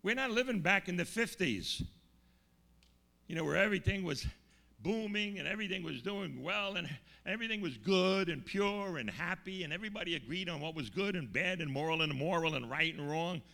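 A man preaching a sermon, his voice gravelly and bright as it rises and falls with lively swings. He slows right down to hammer home key words and keeps asking his listeners whether they follow. The sound carries a long reverb, like a large hall. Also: high-pitched. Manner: emphatic, slows down to stress words, asks the audience questions.

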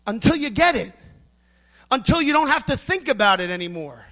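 A man's voice: very high voice, sing-song, brisk, pushed and bright. A middle-aged man preaching a sermon, emphatic and storytelling, acting out the voices he quotes.

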